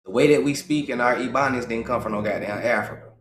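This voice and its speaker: Male, Southern US accent from Georgia, livestream host, emphatic and profane monologue, middle pitch, roomy echo. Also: fast talker. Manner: emphatic, profane, rising to excited high pitch.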